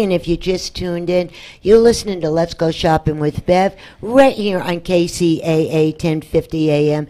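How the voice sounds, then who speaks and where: A woman hosting a casual radio talk show, bubbly and excitable as she chats with guests. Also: lowish voice, normal speed.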